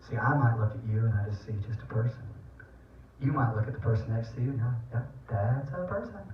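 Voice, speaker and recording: A man's voice: medium pitch, steady tone, fast talker, faint music behind. A man giving a personal testimony sermon to an audience, telling family stories in an earnest, tender way. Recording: dull, echoey room from far off.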